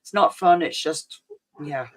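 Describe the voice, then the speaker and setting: A man with a slightly high voice in casual talk. He offers short, resigned comments as if nothing can be done. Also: unhurried. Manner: matter-of-fact, resigned remarks. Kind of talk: casual chat.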